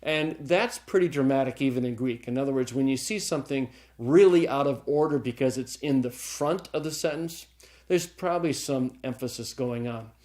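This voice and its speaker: A man's voice: mid-range voice, normal speed, a little mellow. A middle-aged man teaching Greek grammar in a recorded lecture, patient and chatty, often checking in with "okay?" and chuckling lightly as he explains.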